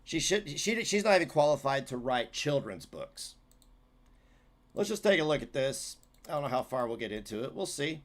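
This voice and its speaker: A man hosting a livestream, ranting in a sarcastic, heated way. His pitch and tone sit in an ordinary middle range. He swears freely as he picks apart what others say. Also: very animated, moderate pace. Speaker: livestream commentary host.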